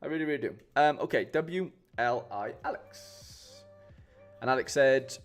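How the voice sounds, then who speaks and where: An animated, unhurried man of medium pitch chats casually on a live stream while building fantasy football lineups, rambling through fillers and restarts and calling his viewers "mate." Soft background music plays.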